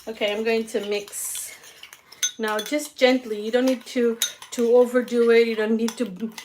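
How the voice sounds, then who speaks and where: A woman's voice: a little high, flat delivery, unhurried, noisy background. Chatty woman cooking live. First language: Portuguese. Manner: chatty, laughs often, speaks straight to viewers. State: feeling weak and ill. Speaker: cooking channel host. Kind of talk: live-stream cooking chat. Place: home kitchen.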